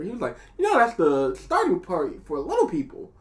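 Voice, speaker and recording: A man co-hosting a live reaction stream, rambling and joking in casual chat, often trailing off quietly. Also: sits high, huge pitch swings, moderate pace, few pauses. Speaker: co-host.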